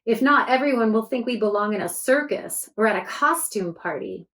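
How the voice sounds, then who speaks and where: A woman's voice: fairly high pitch, animated, moderate pace, fairly bright tone. A woman voicing a sensible young girl with allergies who speaks matter-of-factly. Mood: wry.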